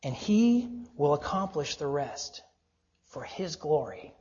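A male pastor preaching a sermon, earnest and exhorting, often dropping to a low, quiet voice for emphasis. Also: very animated, slow pace, long reverb tail, muffled recording.

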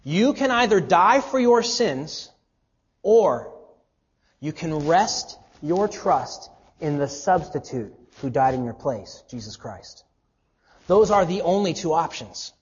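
A man preaching a sermon as pastor, earnest, swinging between emphatic rises and hushed drops. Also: fairly high pitch, sing-song, slow, slightly rough, lo-fi sound.

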